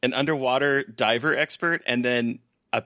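A man's voice: medium pitch, steady tone, normal speed, sharp tone, no room sound, clean studio sound. A man co-hosting a podcast, fondly and casually sharing favorite moments and trivia about a movie. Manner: amused, fond, storytelling. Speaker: podcast co-host.

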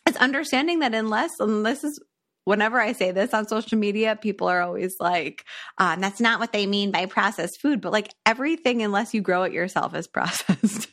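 A young woman co-hosting a podcast in casual chat, talking quickly and emphatically with lots of "like" and "right?". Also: mid-range voice, fairly bright tone. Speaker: podcast co-host.

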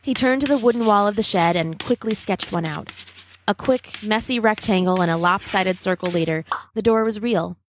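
A woman reading a children's adventure story aloud, steady and dramatic. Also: mid-range voice, moderate pace, slight background noise.

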